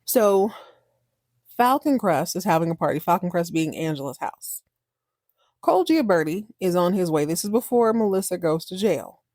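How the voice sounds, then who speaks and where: A woman's voice: lowish voice, animated, normal speed, mellow, no echo, studio quality. A woman hosting a podcast, giving a casual, candid and slangy recap of a TV episode. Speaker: podcast host.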